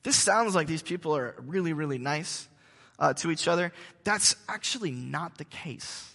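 A man preaching a sermon to his congregation, telling stories in an animated, joking way with many restarts. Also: fairly high pitch, moderate pace, vocal fry, in a large hall. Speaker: pastor. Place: church sanctuary.

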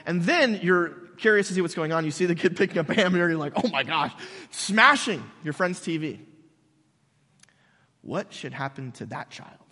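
Male pastor, fairly high voice, lively conversational sermon, long hall echo. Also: moderate pace. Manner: animated, conversational storytelling. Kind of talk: casual sermon.

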